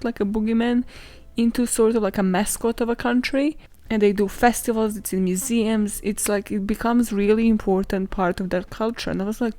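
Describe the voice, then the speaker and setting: A woman's voice: fairly high pitch, warm tone, dry recording. A woman hosting her own podcast, telling stories in a casual, sweary and sarcastic way, often laughing and acting out quotes. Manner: dramatizes stories and acts out quotes. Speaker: podcast host. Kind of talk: casual solo podcast storytelling.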